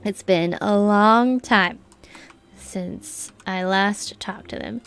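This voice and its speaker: A woman's voice: medium pitch, takes it slowly, vocal fry, fairly bright tone, smooth. Chatty, teasing woman gamer. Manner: chatty, teasing, laughs often. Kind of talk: casual let's-play commentary.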